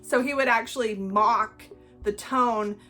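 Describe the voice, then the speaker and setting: A woman's voice: a little high, fairly even intonation, unhurried, pushed and bright, soft background music. Earnest woman explaining to camera. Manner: earnest, conversational, asks the viewer "right?". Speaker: channel host. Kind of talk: explanatory solo talk to camera.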